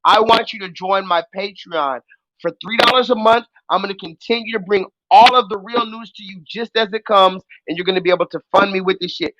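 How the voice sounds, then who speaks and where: A young adult man hosting a live call-in stream, ranting loudly and profanely at the chat and mocking his target. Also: sits high, fairly quick, highs cut off, background noise. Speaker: livestream host.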